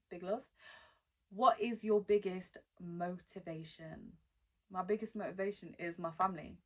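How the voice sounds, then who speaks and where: A young woman rapper with a mixed British accent, born in Wales and living in the West Midlands, answering fan questions in a casual, blunt, slangy way. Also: on the low side. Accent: mixed British, Welsh-born with West Midlands and London touches. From born in Wales, lives in the West Midlands. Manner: chatty, blunt, slangy, reads questions aloud slowly. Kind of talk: casual Q&A vlog.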